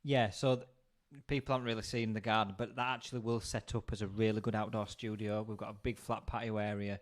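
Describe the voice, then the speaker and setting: A man's voice: on the low side, little pitch movement, fast talker. A man from Bradford with a West Yorkshire accent, co-hosting a podcast in casual, jokey chat and often repeating words. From Bradford, England. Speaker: podcast co-host.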